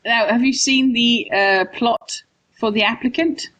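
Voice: mid-range voice, measured pace, fairly bright tone, highs cut off. Sarcastic laughing co-host. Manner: laughs often, riffs sarcastically. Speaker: podcast co-host. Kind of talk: casual comedic chat.

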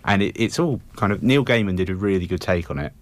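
A man's voice: low-pitched, expressive, quick pace, no room sound. A man chatting eagerly and knowledgeably on a studio panel, often restarting his thoughts. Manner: enthusiastic, knowledgeable, trails off mid-thought. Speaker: film show panelist. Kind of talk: casual studio discussion.

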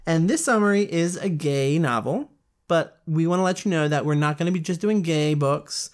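A woman's voice: deep voice, moderate pace. A woman co-hosting a podcast, reading a book summary aloud and cracking jokes in casual banter. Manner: joking, reads summary aloud. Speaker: podcast co-host.

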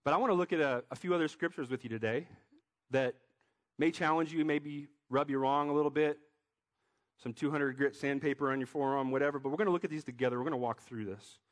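Man, pastor, casual joking sermon, slightly high voice. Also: quick pace. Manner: conversational, joking, many restarts.

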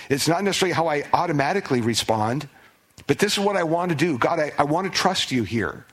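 A man's voice: fairly high pitch, expressive, quick pace, a bit bright, slightly rough. A man preaching a sermon as pastor, earnest, often repeating words as he restarts.

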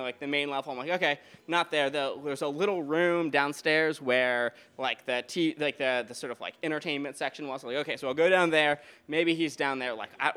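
A man telling a true story live on stage at a beer garden show, in a rambling, animated way with many restarts and fillers. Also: fairly high pitch, clean tone.

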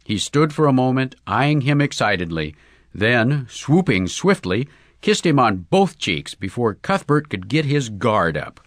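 A man narrating a humorous short story in a lively, character-driven reading. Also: mid-range voice, unhurried, dry recording, studio quality.

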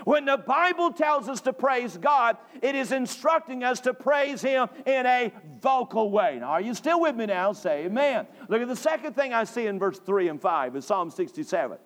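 A man from North Carolina, preaching a sermon emphatically, repeating phrases and rising to shouts. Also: extremely high pitch, expressive, moderate pace, hardly any pauses. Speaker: pastor. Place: church sanctuary.

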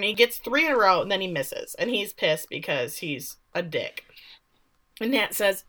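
A woman's voice: medium pitch, sing-song, moderate pace, bright, forceful tone. A woman co-hosting a podcast, chatting through a TV episode and acting out the characters' lines. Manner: chatty, laughing, acts out quotes. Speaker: podcast co-host. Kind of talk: casual recap chat.

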